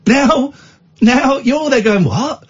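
A man's voice: high voice, sing-song, moderate pace, slightly rough, dull audio. A man hosting a radio show, bantering in a teasing, mock-exasperated, jokey way.

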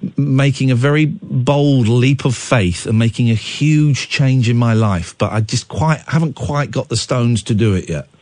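A man's voice: mid-range voice, moderate pace, few pauses, a little mellow, no echo. A male radio host on a late-night phone-in show, playful with callers and then candid and reflective. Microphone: studio microphone.

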